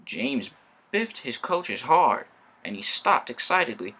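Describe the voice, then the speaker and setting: A man narrating a children's story with a lively delivery. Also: medium pitch, takes it slowly, breathy edge.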